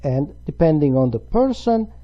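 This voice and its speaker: A man's voice: a little high, big pitch swings, moderate pace, warm tone, dull audio, soft background music. A man teaching a grammar lesson, explaining patiently step by step. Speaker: Italian language teacher.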